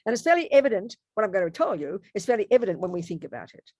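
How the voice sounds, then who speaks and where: A woman's voice: medium pitch, very animated, very fast, a little mellow, no room sound. A woman giving a casual Buddhist teaching, chatty and playful, with joking asides and frequent self-corrections. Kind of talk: casual dharma teaching talk. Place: home room.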